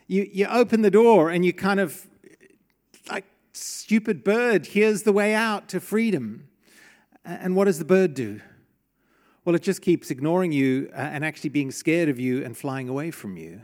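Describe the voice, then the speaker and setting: A man's voice: fairly high pitch, expressive, moderate pace, darkish tone. Conversational man preaching a sermon. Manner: conversational, asks the congregation questions. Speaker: pastor. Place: church.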